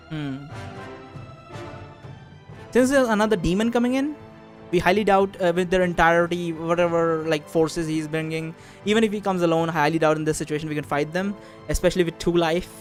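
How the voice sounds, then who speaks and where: A man reading a text adventure game aloud and commenting on it casually, with hesitant restarts and fillers. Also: fairly high pitch. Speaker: let's play host. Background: faint background music.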